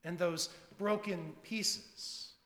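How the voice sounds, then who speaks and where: A male pastor preaching a sermon, swinging between loud emphatic lines and hushed asides. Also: high voice, fairly even intonation, extremely slow, roomy sound, in a large hall.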